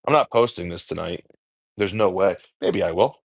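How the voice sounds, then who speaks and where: Casual New Jersey man, low gravelly voice, self-deprecating rambler, dry close mic. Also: moderate pace, no echo. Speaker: home cook content creator. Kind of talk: casual chat while cooking prep.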